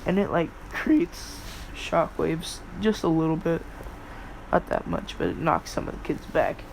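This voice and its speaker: Guy rambling thru a fan story, high-ish gravelly voice, lots of likes and ums. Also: sing-song, measured pace, a little hiss or hum, poor audio. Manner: rambling, filler-heavy, offhand asides. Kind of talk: casual spoken fan story.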